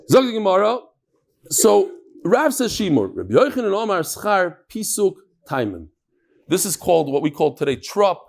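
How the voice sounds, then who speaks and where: A man leads a live Talmud class with a slightly high voice that swoops up and down. He banters with his listeners and drops Yiddish and Hebrew words into his explanations. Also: gravelly. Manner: mixes Yiddish and Hebrew terms into his talk. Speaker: Talmud teacher.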